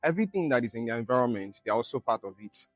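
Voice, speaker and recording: A man climate activist gives a halting interview answer, pausing often to find his words. His voice sits at a middle pitch. The recording is dry and close. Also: expressive, no room sound, soft background music. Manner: halting, many ums and restarts.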